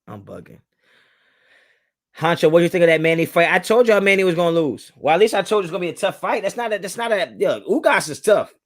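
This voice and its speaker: Reading through his viewers' chat on a live stream, a young man keeps things loose and full of slang. He laughs frequently and his pitch rises and falls, and he speaks fast and expressively.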